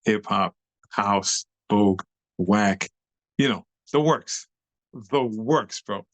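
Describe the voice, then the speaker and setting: Middle-aged guy, animated storyteller, cusses a lot, makes beat sounds, dry close sound. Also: fairly low pitch, slow, no room sound. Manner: acts out scenes with beats and sound effects; swears freely, street slang. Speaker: interview guest.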